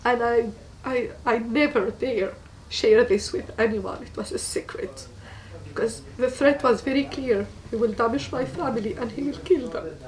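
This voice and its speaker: A woman from Tunisia, giving a personal testimony in an earnest, halting way and repeating words for emphasis. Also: a little high, distant mic, rough recording. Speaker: guest giving a faith testimony.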